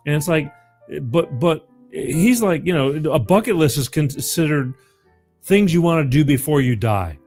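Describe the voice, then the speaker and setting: A man's voice: fairly high pitch, lively intonation, moderate pace, a little mellow, faint music behind. A man hosting a live call-in show, talking casually and rambling, often repeating the phone number.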